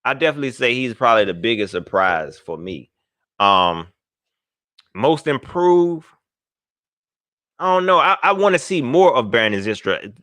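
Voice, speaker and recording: A male host on a live sports call-in show, talking loosely in slang and joking through listener comments. His voice is bright and lively, with big swings in pitch. The sound is close and dry, with no room around it. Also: moderate pace, pauses often, dry recording. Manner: animated, slangy, jokey, reads viewer comments aloud.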